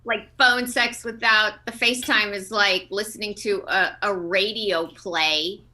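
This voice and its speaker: A woman comic finishing a stand-up set over a video call, with slow, deadpan delivery. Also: mid-range voice.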